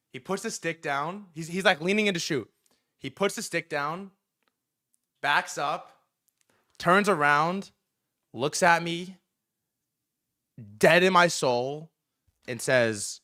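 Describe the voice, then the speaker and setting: A young man on a livestream tells a long, rambling story in a bright, slightly high voice, stacking fillers and repeated words. The sound is dry and close, with no room around it, and his pitch leaps up whenever he acts out his own lines. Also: normal speed, dry recording. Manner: animated, lots of fillers and repeats, jumps high when quoting himself. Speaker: livestream host.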